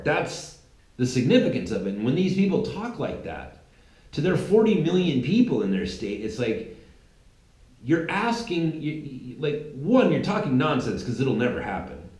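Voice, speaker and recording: A man's voice: medium pitch, dark tone. Emphatic man ranting in an echoey room. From California. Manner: emphatic, repetitive restarts. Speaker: political commentary show host. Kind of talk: opinionated monologue.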